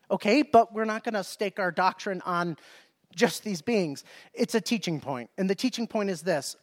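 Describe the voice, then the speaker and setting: Man preaching a teaching sermon; relaxed and conversational, reading King James passages aloud and checking in with the congregation. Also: sits high. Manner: conversational, often checks in with "okay?"; reads scripture aloud in King James wording.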